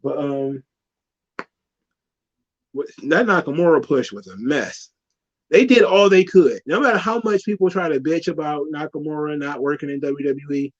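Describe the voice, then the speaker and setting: A man's voice: fairly high pitch, animated, moderate pace, lo-fi sound. A man hosting a casual talk show, rambling and cursing, laughing often as he tells stories. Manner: rambling, profane, laughs a lot. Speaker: podcast host. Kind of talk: casual wrestling commentary.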